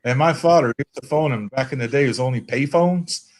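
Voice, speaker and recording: A man's voice: mid-range voice, a little fast. A middle-aged man from Canada with a Canadian accent, telling recovery stories in a casual, earnest, folksy way. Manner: earnest, folksy, quotes people in raised voices. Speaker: recovery meeting guest. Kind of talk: casual storytelling.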